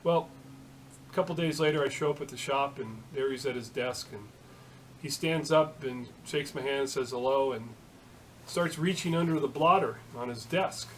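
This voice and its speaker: A middle-aged man and home shop machinist telling a story in a casual vlog, halting, with many fillers and restarts. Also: mid-range voice, slight background noise, poor audio.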